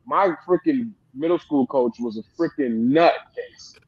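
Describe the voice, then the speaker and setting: A man's voice: medium pitch, unhurried, husky, dry recording, muffled recording. A man in his late thirties, a youth coach, talking animatedly and rambling with lots of restarts in a casual interview. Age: 30s. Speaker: youth football coach, guest.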